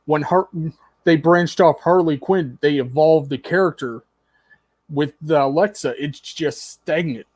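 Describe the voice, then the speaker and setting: A man's voice: a little high, unhurried, darkish tone, dry recording. A man co-hosting a podcast in casual chat, earnest and analytical, often restarting his words. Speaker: podcast co-host.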